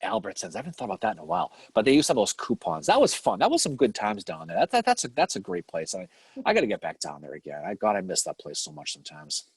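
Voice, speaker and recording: A man's voice: fairly low pitch, wildly swooping pitch, fast, creaky, slightly rough, no echo. A middle-aged man from the Boston area with a Boston accent, co-hosting a casual live stream, rambling through old memories, swearing freely and laughing often. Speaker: podcast co-host.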